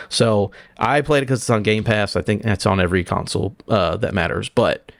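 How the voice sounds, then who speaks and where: Excitable man on a dry mic. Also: lowish voice, quick pace, gravelly, no echo. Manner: excited, profane storytelling with acted-out quotes. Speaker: podcast co-host. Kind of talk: casual gaming podcast chat.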